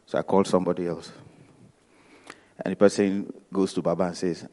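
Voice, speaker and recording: A man's voice: low voice, little pitch movement, a little fast, pauses often, dark tone. A man with a Nigerian accent giving a motivational talk, telling stories and acting out the dialogue with emphatic repetition. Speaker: speaker. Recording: long hall reverb.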